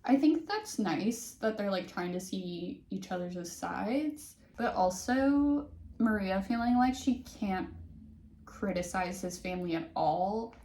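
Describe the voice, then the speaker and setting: A woman's voice: medium pitch, expressive, takes it slowly, dark tone. A young woman reading a teen novel aloud and breaking off for wry, sarcastic asides. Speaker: book reader and commentator. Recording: roomy echo.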